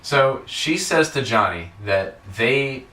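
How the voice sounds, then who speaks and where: Recorded on a distant mic in an echoey room, this podcast host rambles through a wrestling show recap, swearing and leaning on fillers. He has a medium-pitched, pushed, bright voice with lively intonation and speaks slowly.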